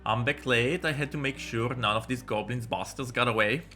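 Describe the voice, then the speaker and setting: A man's voice: medium pitch, normal speed, sharp tone, faint music behind, close to an everyday voice. A man voicing a brash young male elf in a put-on Irish accent, with swaggering, crude delivery. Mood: cocky.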